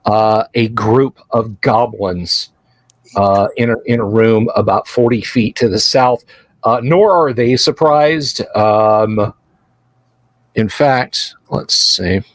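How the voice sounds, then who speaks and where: A man running a tabletop game as game master, describing the scene in an unhurried, halting way. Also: fairly low pitch, no echo, rough recording. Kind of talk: narrating a tabletop game livestream.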